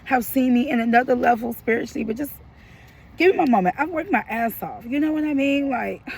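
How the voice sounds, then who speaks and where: A woman's voice: fairly high pitch, normal speed, creaky, long pauses, a little mellow, husky, low-quality recording. A woman in her thirties talking frankly to her viewers in a personal vlog, emotional and slangy, with a frustrated edge. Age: 30s. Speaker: vlogger.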